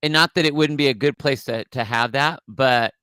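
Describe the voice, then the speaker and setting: Bright, crisp-voiced man telling stories. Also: mid-range voice, normal speed, dry recording. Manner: rambling, restarts, storytelling. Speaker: podcast co-host. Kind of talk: casual chat.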